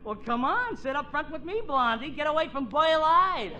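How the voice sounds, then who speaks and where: An actor playing a wisecracking Brooklyn cab driver with a Brooklyn accent in a 1940s radio comedy. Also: male voice, very high voice, animated. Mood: brash. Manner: fast-talking tough-guy wisecracks. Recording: noisy old radio broadcast recording.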